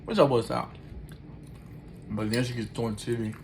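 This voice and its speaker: A man's voice: mid-range voice, normal speed, gravelly. A man spinning a personal story in loose, slangy street talk, his voice sitting right in the middle for a guy. He acts out each exchange as he goes. A faint hiss runs under the recording. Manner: animated, acts out every line of dialogue.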